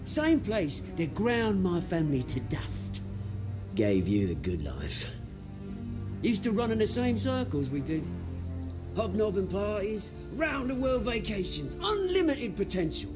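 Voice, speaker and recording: A man's voice: sits high, huge pitch swings, unhurried, over music, full character voice. An actor with a British accent playing a brash, resentful young man who has lost his family fortune, in a video game. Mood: bitter. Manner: swaggering, resentful, theatrical.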